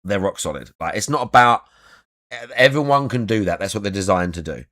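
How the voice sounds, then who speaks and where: A man's voice: lowish voice, animated, brisk, fairly bright tone. A young man giving crude, mocking commentary, laughing often and trailing off into restarts. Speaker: online commentator.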